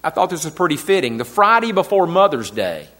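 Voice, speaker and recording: A man's voice: fairly high pitch, very animated, fairly quick, pushed and bright. A man preaching a sermon to his congregation, repeating key phrases for emphasis and asking his listeners questions. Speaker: pastor.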